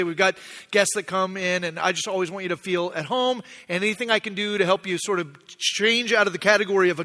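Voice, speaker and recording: A man's voice: sits high, sharp tone, long reverb tail. A middle-aged man, a pastor, giving a conversational, self-deprecating sermon in a church sanctuary.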